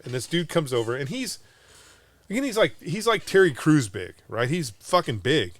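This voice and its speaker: A middle-aged Marine veteran from Southern California hosting a podcast, telling a story casually, blunt and profane, with frequent restarts. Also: male voice, mid-range voice, big pitch swings, normal speed, dry recording. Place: podcast studio.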